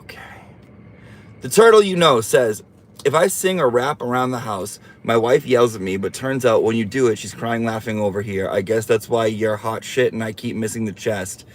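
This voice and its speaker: A man's voice: medium pitch, moderate pace. Sassy man hosting a livestream. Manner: sassy, campy, teasing. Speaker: livestream host reading viewer comments. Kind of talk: casual livestream chat.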